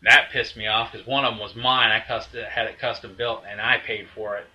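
Man, low voice, tense and forceful, swears a lot, rambling heated storytelling. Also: fairly even intonation, a little fast, dull audio. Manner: rambling with frequent restarts and asides. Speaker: storyteller recounting a breakup. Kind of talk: casual conversation.

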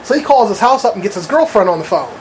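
A man rattles off a long story in casual conversation, rambling, swearing, and packing in fillers. His high voice is very animated and fast, with a little hiss or hum in the recording.

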